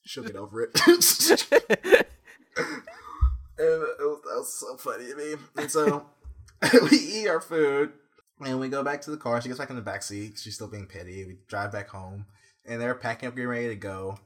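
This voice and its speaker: A young man co-hosting a casual chat, telling an animated story and mimicking his family members. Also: medium pitch, normal speed.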